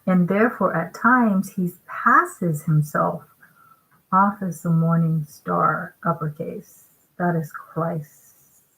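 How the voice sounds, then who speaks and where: A woman giving a sermon-style scripture commentary, emphatic and deliberate, often checking in with her listeners through rhetorical questions. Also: lowish voice, steady tone, vocal fry, a bit bright, low-quality recording. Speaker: online preacher.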